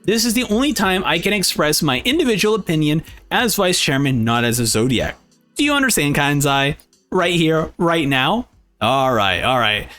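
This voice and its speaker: A young man talks through an anime episode in an excited, playful way. His voice sits a bit high and swings widely in pitch. Faint music plays underneath. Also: normal speed. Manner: animated, reads lines aloud in silly voices. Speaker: anime reaction host. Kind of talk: excited reaction commentary.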